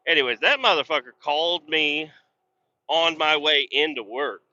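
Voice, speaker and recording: Blunt, foul-mouthed man with a sharp, forceful voice, ranting from a truck cab, muffled lo-fi sound. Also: on the high side, moderate pace, no room sound. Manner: profane, blunt, exasperated ranting. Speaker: podcast host and truck driver. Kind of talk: rambling casual storytelling. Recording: dull lo-fi sound.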